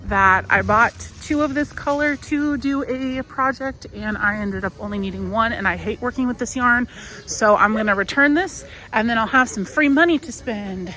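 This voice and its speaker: A woman vlogging casually while she walks through a craft store on her phone, chatty and a little wistful, with soft laughs now and then. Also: on the high side, normal speed. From United States. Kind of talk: casual shopping vlog chat. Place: inside a large craft store. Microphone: phone held while walking.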